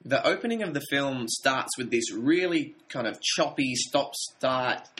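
A man co-hosting a film review podcast, thoughtful and measured, pausing now and then to find his words. His voice is bright and crisp, at a middle pitch. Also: lively intonation, slight background noise. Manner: thoughtful, measured, slightly hesitant. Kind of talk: casual film review chat.

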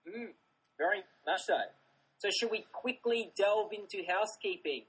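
Husky man co-hosting a film podcast. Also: high-pitched, moderate pace, fairly bright tone, rough recording. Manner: enthusiastic, rambling with fillers. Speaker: podcast co-host. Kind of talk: casual chat.

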